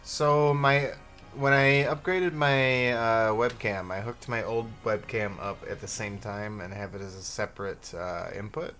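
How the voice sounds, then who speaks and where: A man's voice: on the low side, fairly even intonation, a little slow, a bit bright, faint music behind. A man streaming a game and chatting on voice chat, joking crudely and sarcastically. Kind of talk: casual gaming stream chat.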